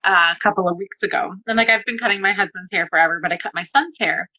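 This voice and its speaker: A woman in her thirties chatting as a guest, encouraging and chatty, with a warm supportive tone. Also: mid-range voice, quick pace, dry recording, low-quality recording. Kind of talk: casual chat.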